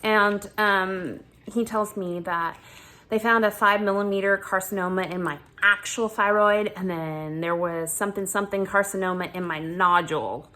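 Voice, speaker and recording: A woman vlogging casually about her own recent ordeal, animated and exasperated, breaking into laughter often. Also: mid-range voice, normal speed. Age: adult with children. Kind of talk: casual storytelling vlog.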